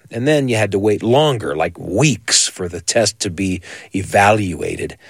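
Male host, expressive pitch, dry close mic, reflective personal recollection. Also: no echo. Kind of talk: reflective radio-style narration.

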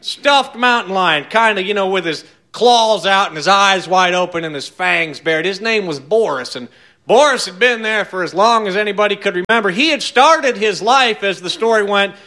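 A man telling a tall tale in a folksy, wry, drawn-out way. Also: high voice, sharp tone. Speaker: storyteller.

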